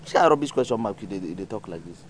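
A man's voice: on the low side, expressive, very fast, slight background noise, natural voice. An actor with a Nigerian accent playing a stingy, exasperated father in a comedy film, scolding and mocking in turn.

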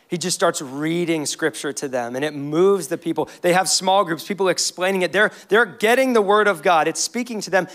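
A man preaching a sermon as a pastor, reading scripture and speaking with rising intensity. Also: sits high. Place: church sanctuary.

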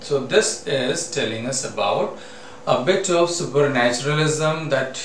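A man explaining a poem in a lecture, speaking slowly and deliberately with frequent hesitations. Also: medium pitch, lively intonation. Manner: slow and deliberate, many fillers. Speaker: literature teacher. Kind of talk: poetry lecture. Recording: echoey room, mic at a distance, faint background hum.

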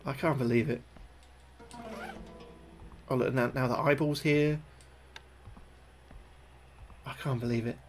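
A man streaming a horror game live, excitable and swearing, yelping when he gets scared. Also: medium pitch, takes it slowly, long pauses, faint music behind. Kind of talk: live gameplay commentary.

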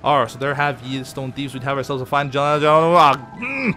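A man's voice: mid-range voice, moderate pace, pushed and bright, soft background music, close to an everyday voice. A man voicing a crew of ghostly male pirates with a growling, hammy drawl full of "arr". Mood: mocking. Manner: hammy, playful over-acting.

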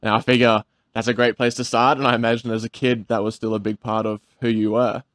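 A man's voice: medium pitch, flat delivery, fast talker, fairly bright tone, dry recording. Enthusiastic man hosting a podcast. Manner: enthusiastic, chatty, laughs easily. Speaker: podcast host. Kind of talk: podcast interview.

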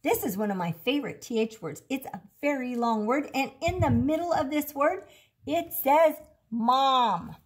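Woman speech therapist for a kids' lesson; lively sing-song delivery, echoey room. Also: sits high. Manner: sing-song, drawn-out target words for children. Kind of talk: child-directed speech lesson. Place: at home with her dog nearby.

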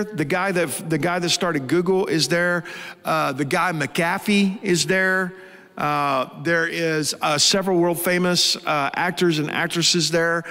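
A man, a pastor and host, telling a story to a live audience in a folksy, animated way. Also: high-pitched, big-room sound.

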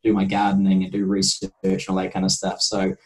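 Kiwi guy talking nutrition on a podcast, kinda low voice, thoughtful and careful. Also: completely flat delivery, rough recording. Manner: thoughtful, measured, hesitant starts. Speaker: nutrition researcher guest. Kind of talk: casual interview chat.

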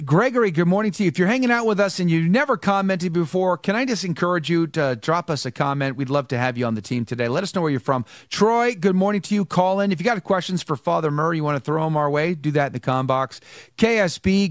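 A man's voice: a little high, no echo, studio quality. A man hosting a live show, greeting viewers by name and chatting with a priest guest. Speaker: host. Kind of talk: livestream greetings and chat.

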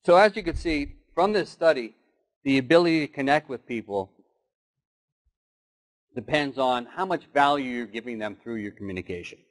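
A man's voice: mid-range voice, expressive, moderate pace, long pauses, rough recording. Man giving a motivational keynote talk. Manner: storytelling with acted animal voices. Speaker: keynote speaker.

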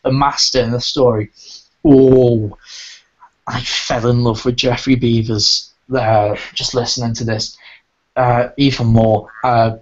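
A man hosting a casual podcast review, talking with keen enthusiasm and rambling through frequent restarts. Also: medium pitch. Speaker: podcast host reviewing audio dramas. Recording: dull lo-fi recording.

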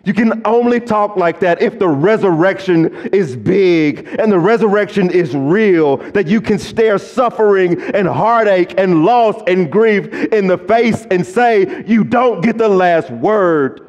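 A middle-aged man, a pastor preaching a sermon and swinging between quiet, low passages and loud, emphatic lists. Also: measured pace, hardly any pauses, dull audio. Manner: preaching with rising and falling intensity, stressing word lists. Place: church sanctuary. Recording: long church hall reverb.

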